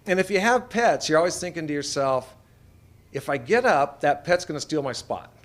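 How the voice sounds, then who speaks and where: This is storytelling for an audience by an Idaho veterinarian, a middle-aged man who spins folksy tales and imitates the characters in them. He speaks at a normal speed in a fairly high, animated voice.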